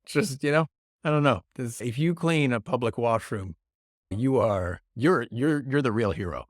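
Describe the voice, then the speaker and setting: A man's voice: medium pitch, lively intonation, normal speed, no echo, studio quality. A man hosting a podcast, rambling and joking in a self-deprecating way through good-news stories. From Canada. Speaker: podcast host. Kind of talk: casual comedic news talk. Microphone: podcast microphone.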